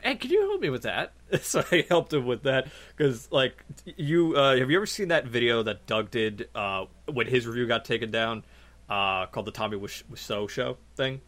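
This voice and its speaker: A man, a video reviewer, telling a story in casual podcast chat, animated and laughing often. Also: mid-range voice, normal speed.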